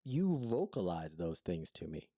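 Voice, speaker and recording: A man's voice: low voice, big pitch swings, measured pace, dark tone, no echo, clean studio sound. A man co-hosting a podcast, telling his story in an earnest, thoughtful way in an intimate conversation. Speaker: podcast co-host.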